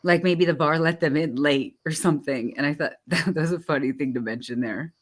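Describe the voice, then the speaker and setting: A co-host on a live stream rambles in casual chat. The talk is loose and full of laughter and "like". The voice sits at a middle pitch. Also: fairly quick.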